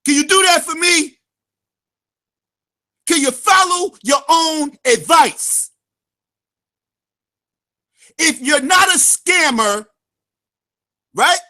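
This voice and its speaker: Vlog host, male, very high and tense voice, heated profane rant with frequent shouting. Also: extremely slow, pauses often. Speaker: channel host. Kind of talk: ranting vlog commentary.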